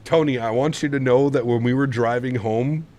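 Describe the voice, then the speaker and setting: A man's voice: mid-range voice, moderate pace, noisy background. A man streaming a flight simulator, chatting casually with his viewers in a rambling, easygoing way and laughing often. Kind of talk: casual livestream chat.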